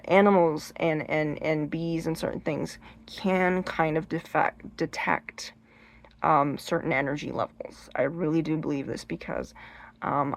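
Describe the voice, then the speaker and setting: Her voice sits on the low side with a creaky texture. As host of her own channel, she offers laid-back tips on haunted objects in a meandering way, full of false starts, and she's emphatic, performing shrieks and gestures as she goes.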